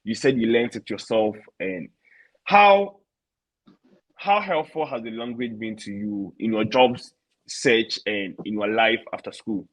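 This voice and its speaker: A man's voice: on the low side, animated, a little slow, poor audio. A man hosting a casual interview, asking curious, encouraging questions. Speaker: host.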